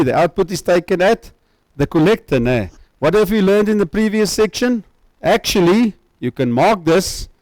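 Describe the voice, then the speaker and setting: A man's voice: fairly high pitch, darkish tone, no room sound, poor audio. Man lecturing, tagging "ne?" on sentences. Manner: explains step by step, asks students frequent check questions; tag question "ne?" at ends of sentences. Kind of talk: university lecture.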